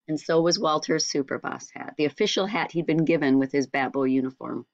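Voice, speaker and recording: A woman reading a storybook aloud in a steady, measured way. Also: low-pitched, gravelly, dry recording, lo-fi sound. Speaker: audiobook reader. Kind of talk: storybook narration.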